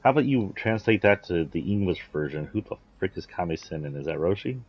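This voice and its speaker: A man's voice: sits low, animated, brisk, darkish tone, slightly rough. A man streaming a video game, chatting casually in an offhand, rambling way and swearing now and then. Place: indoors, playing a video game.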